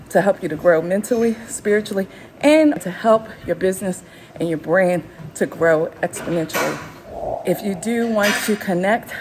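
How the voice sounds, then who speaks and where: A rough recording with slight background noise captures a low-voiced woman in her fifties. Hosting her YouTube channel, she walks on a gym treadmill, slightly breathless, and gives unscripted, emphatic motivation.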